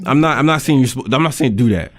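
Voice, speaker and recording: Man, podcast co-host, casual chat, fast, animated, emphatic. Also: mid-range voice. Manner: heated, emphatic, repeats himself.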